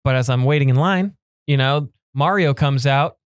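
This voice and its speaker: A man's voice: medium pitch, normal speed, clear, resonant tone, no echo. Wry young man telling a story. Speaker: podcast co-host. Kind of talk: casual storytelling chat.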